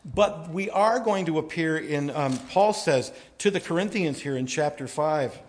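A middle-aged male pastor preaches in a rambling, storytelling way. His pitch sits a touch high and climbs sharply when he gets excited, then drops to hushed asides. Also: a little slow. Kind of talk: sermon with personal stories.

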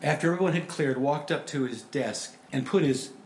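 A male pastor preaching a sermon with stories, animated, swinging between loud emphasis and hushed softness. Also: fairly high pitch, normal speed, a little hiss or hum. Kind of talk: sermon with storytelling. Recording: echoey room with faint background ambience.

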